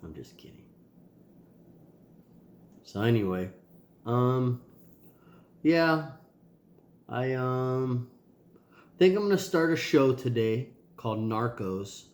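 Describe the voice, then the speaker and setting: This nasal-voiced father, tired and sore, chats casually with his kids in a rambling video diary. His medium-pitched voice is animated and a little mellow, moving slowly with frequent pauses in a roomy space. He talks loosely, sighing and saying "um" a lot.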